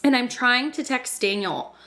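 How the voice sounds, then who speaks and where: A woman's voice: fairly high pitch, normal speed. A woman in her thirties, a podcast co-host, telling a casual story with lots of laughter and swearing. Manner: laughing, animated, swears freely.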